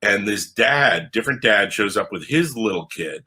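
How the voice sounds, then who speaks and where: A man with a very bright, forceful voice tells his stories in a lively way. He is a comic book writer talking on a podcast, and he jumps up in pitch to act out the people he quotes. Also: normal speed, slightly rough. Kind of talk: animated storytelling in a podcast interview.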